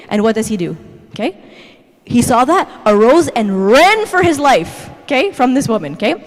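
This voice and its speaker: A woman giving a lively, chatty church talk, constantly checking in with her listeners with "okay?". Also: fairly high pitch. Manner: animated, chatty, tags "okay?" after every point. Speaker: guest speaker. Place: church sanctuary. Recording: echoey church hall.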